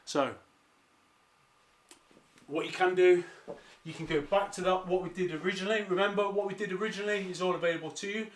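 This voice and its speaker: A man's voice: high-pitched, fairly even intonation, fairly quick, slight background noise. A young man coaching a follow-along home workout, encouraging and counting down, sometimes tripping over his words. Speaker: calisthenics coach. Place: home during lockdown, exercising on the floor. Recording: echoey room.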